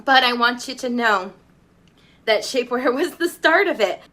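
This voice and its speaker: Earnest, bright-voiced woman sharing her story. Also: fairly high pitch, expressive, normal speed. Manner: earnest, tearful, heartfelt. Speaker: mother and shapewear seller. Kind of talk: emotional personal testimony.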